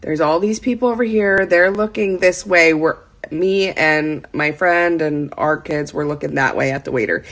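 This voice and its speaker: A woman's voice: sits low, moderate pace, few pauses, fairly bright tone. A woman in her thirties telling a personal story in a casual vlog, chatty and full of "like" fillers. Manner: chatty, heavy use of "like" fillers. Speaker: lifestyle vlogger.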